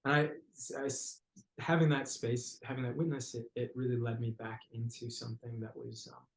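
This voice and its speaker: A man in the middle of his voice range speaks as a podcast guest, telling a story in a thoughtful, searching manner. He pauses and restarts often, reaching for the right word. The recording has a noticeable roomy echo. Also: mid-range voice, flat delivery. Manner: searching, hesitant phrasing with frequent "like" and restarts. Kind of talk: reflective conversational storytelling.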